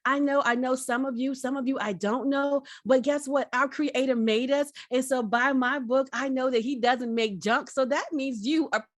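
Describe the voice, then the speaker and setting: A middle-aged woman from Virginia, giving a lively, preacherly motivational talk over a video call and speaking straight to her audience. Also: high voice, normal speed, few pauses, no room sound. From Virginia, United States. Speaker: guest speaker.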